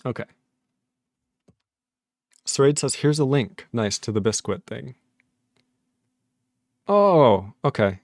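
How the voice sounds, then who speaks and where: Casual male streamer, mid-pitched, dry close sound, laughs a lot while reading chat. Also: lively intonation, slow, gravelly, pauses often, darkish tone, dry recording. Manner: laughs often, reads chat messages aloud, easily puzzled.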